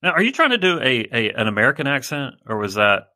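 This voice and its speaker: Male show host, bright forceful voice, dry close sound, energetic and friendly. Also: medium pitch, fast talker, no echo. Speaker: podcast host. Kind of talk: hosting an interview show.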